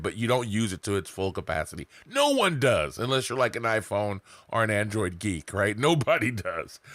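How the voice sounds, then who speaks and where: A man's voice: mid-range voice, a bit bright, no room sound. Profane rambling man coaching marketers. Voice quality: profane, rambling, self-mocking. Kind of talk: casual teaching to camera.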